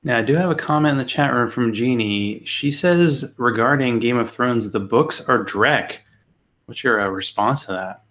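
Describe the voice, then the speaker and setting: A man's voice: medium pitch, normal speed, a bit bright. A man hosting a casual podcast interview, asking easygoing, joking questions. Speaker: podcast host.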